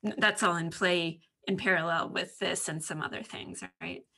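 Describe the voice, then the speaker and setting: A woman co-host with a bright, husky voice asks plain, basic questions in a relaxed way. Her voice sits a little low. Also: normal speed. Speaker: podcast co-host. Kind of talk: casual conversational interview.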